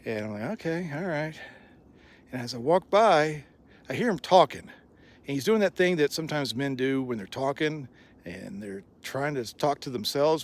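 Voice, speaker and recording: A man telling wry, rambling stories as he walks a forest trail, recording outdoors. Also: medium pitch. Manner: chatty, wry storytelling. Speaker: hiker and vlogger. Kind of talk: rambling walking vlog.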